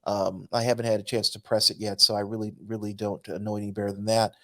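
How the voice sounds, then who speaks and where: A man co-hosting a casual podcast about comic books, talking in an easygoing, hesitant way with frequent pauses and restarts. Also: lowish voice, little pitch movement. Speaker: podcast co-host.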